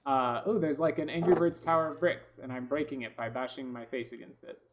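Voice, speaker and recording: A man's voice: medium pitch, steady tone, brisk, background noise. Rambling man doing game commentary. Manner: rambling, many fillers and restarts, frustrated outbursts. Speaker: gaming video host. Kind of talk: casual gameplay commentary.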